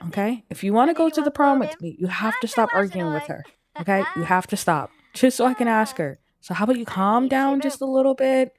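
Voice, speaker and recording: A woman's voice: a little high, expressive, brisk, crowd noise, natural voice. A woman voicing a teenage girl in a life-simulation game, coaxing her sister and pleading with her mother.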